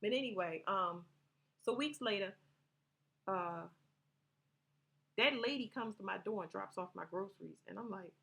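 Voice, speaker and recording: Woman, vlog storytelling, rambling, swears a lot, laughs as she talks, mid-pitched. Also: moderate pace, gravelly, long pauses, bright, forceful tone. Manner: rambling, profane, laughs while telling. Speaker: vlogger telling personal stories. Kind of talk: casual storytelling to viewers.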